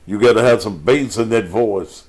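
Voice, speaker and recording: A man's voice: lowish voice, moderate pace, a little mellow. A man hosting a live call-in show, bantering with crude, profane jokes. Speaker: radio call-in show host, addressed as pastor.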